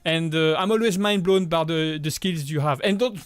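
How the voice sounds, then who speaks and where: French-accented man with a higher voice. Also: clean tone, no room sound. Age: 30s. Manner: halting, many restarts and repeated words; friendly and upbeat. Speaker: livestream host. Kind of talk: casual chat with viewers.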